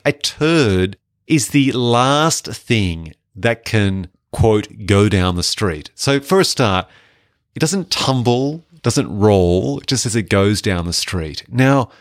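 On a film podcast, this male co-host keeps things chatty, lively and full of jokes as they review movies. He has a lowish voice, heard in a dry, clean studio recording.

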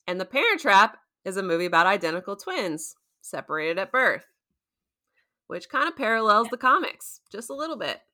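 Bright-voiced woman recapping with gusto. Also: mid-range voice, moderate pace. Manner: animated storytelling, acting out quotes with voice shifts. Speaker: podcast co-host recapping a TV episode. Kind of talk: casual chat.

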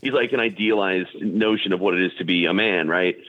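A man's voice: deep voice, a little fast. A man calling in to a podcast, chatting casually and rambling with lots of fillers. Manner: rambling, filler-heavy, enthusiastic. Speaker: caller. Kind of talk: casual phone-in chat. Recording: muffled phone-in line.

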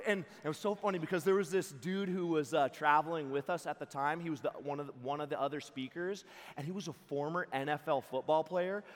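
A young man speaking as a camp preacher, telling stories with lively quoted voices and frequent laughter. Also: fairly high pitch. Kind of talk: youth camp sermon. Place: large hall before a live audience. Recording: hall reverb.

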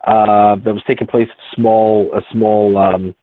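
A fairly low-pitched man in his forties rambles through a story as a guest, stopping and restarting his sentences. His voice comes through a narrow, tinny phone-like line. The sound is dry, with no room around it. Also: flat delivery, no echo. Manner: rambling, halting, many restarts. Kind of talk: casual storytelling.

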